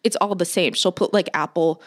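A woman's voice: lowish voice, fairly even intonation, a little fast. A woman in her thirties, co-hosting a podcast, telling a long story in casual chat and swearing freely. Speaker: podcast co-host.

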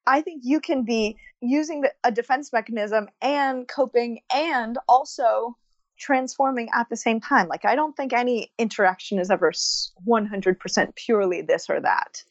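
A woman comedian, a podcast guest, telling a personal story in a lively, laughing manner. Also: fairly high pitch, normal speed, dry recording, highs cut off. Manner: animated storytelling, laughing through tears. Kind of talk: casual podcast conversation.

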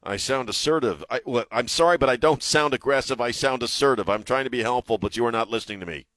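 A man's voice: mid-range voice, quick pace, fairly bright tone, dry recording, lightly acted. A man reading as a stubborn insistent chatbot. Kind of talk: radio talk, reading aloud.

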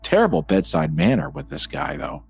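A man co-hosting a casual film review chat, animated and jokey, with some swearing. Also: extremely low pitch, normal speed, vocal fry, husky, soft background music. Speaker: co-host.

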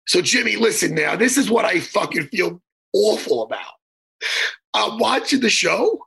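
Raspy, animated man telling a rambling story. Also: high voice, moderate pace. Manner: rambling, profane, stammering restarts; animated, laughing bursts. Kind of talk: casual comedic storytelling chat.

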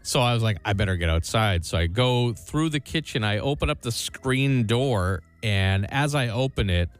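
A man on a radio show, telling a story and reading jokes in a deadpan, casual way. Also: medium pitch, moderate pace, clear, resonant tone. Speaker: radio co-host.

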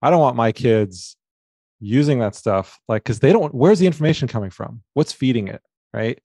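A man's voice: mid-range voice, expressive, moderate pace, dark tone, no echo, clean studio sound. A man, a podcast guest, voicing concern and peppering his talk with "like". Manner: concerned, lots of "like" fillers. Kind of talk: casual panel chat.

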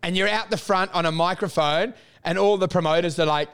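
A man's voice: sits high, brisk, gravelly, a bit bright, smooth. An Australian man co-hosting a comedy podcast, rowdy and laughing, swearing through casual chat.

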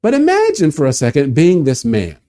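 Animated male preacher. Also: fairly high pitch, brisk. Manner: animated, vivid retelling, inviting listeners to imagine. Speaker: pastor. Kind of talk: sermon storytelling.

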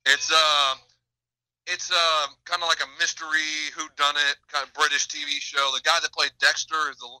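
A man's voice: on the high side, level tone, normal speed, pushed and bright, clear, resonant tone, no echo, low-quality recording. A man co-hosting a casual chat, teasing and blunt with his friends. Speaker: podcast co-host.

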